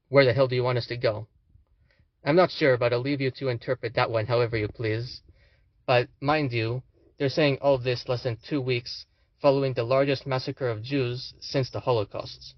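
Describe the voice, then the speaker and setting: A young man narrates a scripted commentary with sardonic, indignant asides. His voice sits at an ordinary middle pitch. The recording is dry and a little dull, like a lo-fi home voice-over. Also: dry recording. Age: young adult. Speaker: student commentator.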